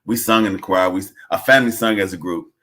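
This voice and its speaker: A man hosting a casual conversation, telling stories in an animated, preachy way. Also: low-pitched, fast. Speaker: podcast host.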